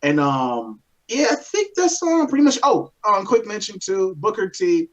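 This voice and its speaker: A man's voice: high voice, sing-song, moderate pace, lo-fi sound. A man co-hosting a casual wrestling podcast, talking in a loose, rambling way with casual swearing. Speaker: co-host.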